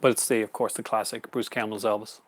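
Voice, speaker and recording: A man's voice: fairly low pitch, level tone, quick pace, slight background noise. A man hosting a casual live stream, rambling enthusiastically about his horror film collection, with many fillers and restarts. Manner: answers viewer chat comments.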